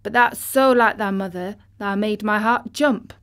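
A woman's voice: medium pitch, unhurried, clear, resonant tone. A woman voicing a kind, motherly countrywoman. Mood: tender. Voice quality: soft, tremulous, motherly.

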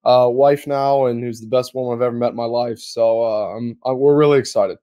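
A man's voice: medium pitch, steady tone, fairly quick, mellow, smooth, no room sound, clean studio sound. A man who produces a podcast, talking in an earnest, heartfelt way with many fillers. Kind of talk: casual podcast chat.

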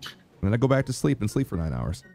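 A man's voice: lowish voice, big pitch swings, fast talker, creaky, dark tone, soft background music. A man streaming a game with friends, laughing hard and teasing them in casual chat.

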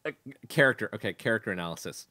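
Low-voiced man, blunt and sarcastic. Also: expressive, very fast, pushed and bright, no room sound. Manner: blunt, sarcastic, laid-back. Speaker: podcast co-host. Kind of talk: casual book discussion.

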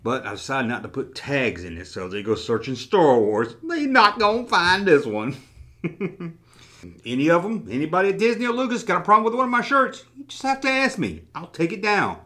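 Brief: sarcastic male vlogger, slightly high voice, very animated, swears a lot. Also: normal speed. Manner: sarcastic, joking, swears freely. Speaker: toy collecting YouTuber. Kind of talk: casual vlog, reading comments.

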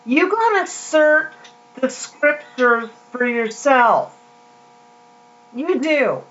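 A woman's voice: high voice, animated, very slow, fairly bright tone, lo-fi sound. A woman giving a casual, heartfelt devotional talk to her viewers, rambling with many fillers and restarts. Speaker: Christian vlogger.

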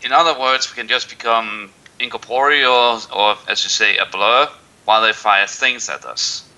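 A man's voice: mid-range voice, steady tone, moderate pace, pushed and bright, poor audio. A man playing co-op, chatting casually and making dry, wry remarks. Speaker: co-op player. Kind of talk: casual chat during a let's play.

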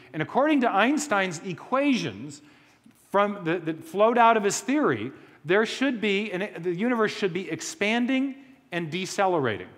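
A man's voice: high-pitched, fairly bright tone, in a large hall. A man giving a conversational lecture to a live audience, with joking asides and frequent restarts.

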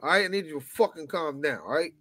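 A man playing a hot-tempered Italian mob bar owner who shouts and curses. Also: on the high side, lively intonation, quick pace, over a noisy crowd, pitched below the performer's own voice, lightly acted. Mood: menacing. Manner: shouting, profane, bossy.

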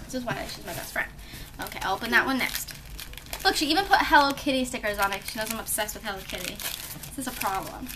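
Brief: young mom vlogger, high lively voice, gushing over gifts, noisy home room. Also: female voice, fast. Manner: gushing, gasping, chatting to her small daughter. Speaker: beauty vlogger, mother. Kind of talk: excited unboxing vlog.

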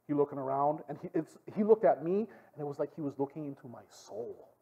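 A man's voice: a little high, fairly quick, creaky, breathy edge, dull audio. A man with a Hawaiian Pidgin-tinged accent teaching a youth group, telling stories animatedly and checking in with "okay?". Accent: Hawaiian Pidgin-tinged English. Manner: animated storytelling, frequent "okay?" asides to the room. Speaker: youth pastor.

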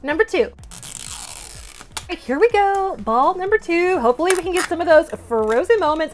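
Woman, very high voice, swooping lively pitch, excitable toy unboxer, faint music underneath. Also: moderate pace, a little hiss or hum. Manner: gushing, gasps and giggles, repeats "oh my goodness". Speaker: toy collector and channel host. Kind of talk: toy unboxing vlog chat.

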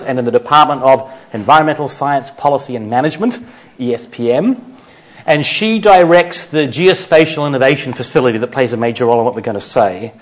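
A man with a Chicago accent gives a university lecture, his voice sitting fairly high. He explains in a measured way, and the recording sounds a little muffled. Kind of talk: academic talk.

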